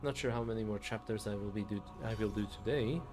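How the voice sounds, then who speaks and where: A man streaming a story game, softly thinking aloud to himself as he plays. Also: fairly low pitch, quick pace, over music. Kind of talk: quiet game commentary.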